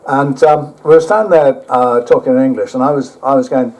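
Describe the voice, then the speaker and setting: An older man giving a rambling travel talk with slides, halting often and dropping blunt, sweary asides. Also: mid-range voice, a little mellow, rough recording. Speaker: guest speaker.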